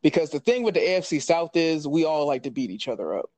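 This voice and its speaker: Man, sports podcast co-host, thoughtful, unhurried, somewhat high voice, dry close sound. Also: lively intonation, darkish tone, no room sound, poor audio. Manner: thoughtful, unhurried, with many fillers.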